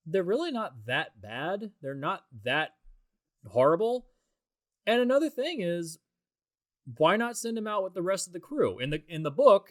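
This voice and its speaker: A man's voice: a little high, no room sound, studio quality. A man giving a casual, rambling commentary track on a film, talking in a loose, conversational way. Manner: rambling, conversational, with many fillers and restarts.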